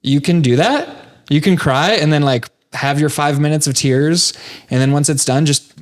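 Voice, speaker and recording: A man's voice: on the high side, moderate pace. A young man as a podcast guest, explaining his ideas in a reflective, thoughtful way. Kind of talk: casual conversation.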